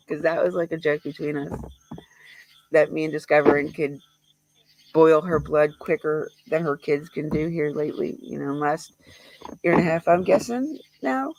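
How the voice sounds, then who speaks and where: A grieving livestreamer who talks in a halting, rambling way, with many fillers and restarts, recorded on a close mic. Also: medium pitch, creaky, rough recording. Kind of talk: emotional memorial livestream talk.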